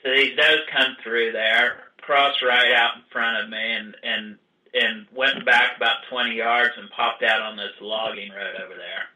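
A man casually recounting his own hunt in a plain, steady way. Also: mid-range voice, measured pace, roomy sound, far from the mic, rough recording. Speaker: guest hunter. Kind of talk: casual storytelling.

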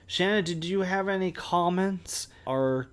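A man co-hosts a movie podcast, explaining at length in a casual review chat and frequently restarting his sentences. His voice sits high and is clear and resonant, with an unhurried delivery.

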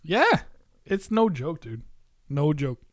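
A man hosting a casual podcast, his voice sitting a little high. He rambles and laughs often, with a bit of casual swearing, and the sound is close and dry with no room around it. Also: big pitch swings, slow, a little mellow, no echo. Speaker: podcast host. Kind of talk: casual chat.

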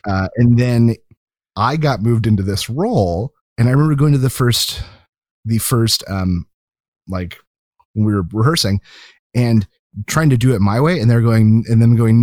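A man's voice: mid-range voice, normal speed, a little mellow, dry recording, clean studio sound. A man co-hosting a podcast in casual chat, telling rambling anecdotes full of self-corrections. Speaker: podcast co-host.

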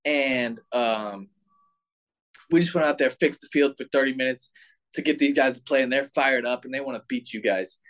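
In a medium-pitched voice at normal speed, a baseball player in his twenties casually and energetically recounts a story packed with filler words.

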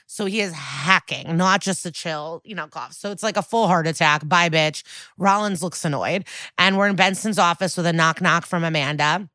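Bright-voiced woman gushing through a recap. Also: on the low side, moderate pace, no echo. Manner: animated, profane, gushing. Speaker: podcast co-host. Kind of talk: casual TV episode recap.

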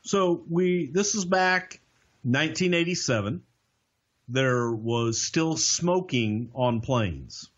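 Older male podcast storyteller, dull lo-fi audio, mid pitch. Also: slow. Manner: animated, acts out other people's lines. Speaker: podcast co-host telling a story. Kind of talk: casual storytelling.

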